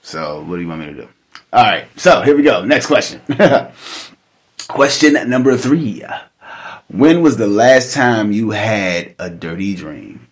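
Animated low-voiced male podcast host. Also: a little slow. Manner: laughs often, swears, animated and joking. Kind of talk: casual chat.

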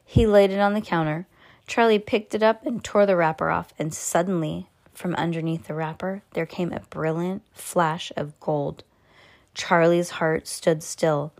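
A woman reading a children's story aloud, expressive, with small slips and restarts. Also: fairly low pitch, measured pace. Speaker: reader to a child.

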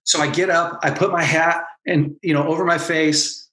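A man's voice: on the high side, fairly even intonation, normal speed, bright, forceful tone, reverberant. A man and former pastor, talking as a podcast guest and telling an emotional personal story with earnest intensity. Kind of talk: candid podcast conversation.

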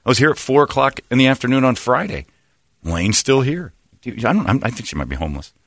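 A man's voice: medium pitch, big pitch swings, quick pace, no echo. A man hosting a radio show, talking in blunt, opinionated studio banter.

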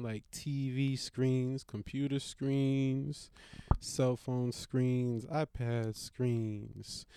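A comedian rants to camera at a slow, drawn-out pace, full of swearing and stammered restarts. The voice sits at a middling pitch and sounds dry and close, with no room echo. Between rambling thoughts it breaks into loud scolding of a dog. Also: clear, resonant tone. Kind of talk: profane comedic rant to camera.

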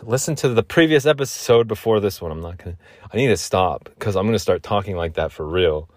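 A young man with a fairly low voice hosting a solo podcast. He wanders from tangent to tangent and keeps teasing his listeners. The recording is dry and close, with no room echo. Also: animated, brisk. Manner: joking, self-teasing, meandering. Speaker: podcast host. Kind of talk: rambling solo podcast chat.

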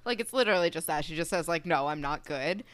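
A young woman joins a casual podcast chat about a TV episode, adding quick asides. Her voice is low-pitched but lively and moves a lot, and the recording sounds dry and close. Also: no echo. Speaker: podcast co-host.

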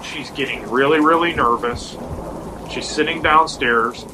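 A man's voice: mid-range voice, a little slow, background noise. A man casually telling a spooky story, acting out the people in it. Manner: animated, acts out quotes. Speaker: guest storyteller.

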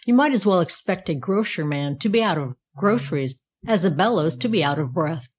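Lady doing cranky bellows in a storybook, blunt and curt, lowish voice. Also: animated, fairly quick, slightly rough. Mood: grumpy. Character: grumpy contrary talking bellows, male.

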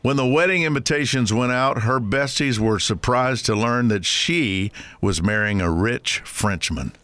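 A man hosting a radio show in casual banter, teasing and delivering deadpan punchlines. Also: mid-range voice, measured pace, dry recording. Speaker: radio host.

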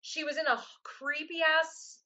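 A woman co-hosting a casual chat, retelling scenes in an animated, joking way. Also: high voice, takes it slowly.

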